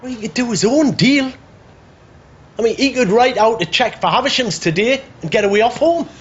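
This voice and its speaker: A man's voice: very high-pitched, a little fast, highs cut off. An actor playing a decent working man who raises earnest doubts. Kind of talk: TV drama acting.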